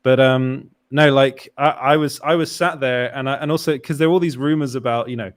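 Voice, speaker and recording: A man hosting a casual film chat, relaxed and rambling with many restarts. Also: mid-range voice, brisk, no room sound, studio quality. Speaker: interviewer, film site writer.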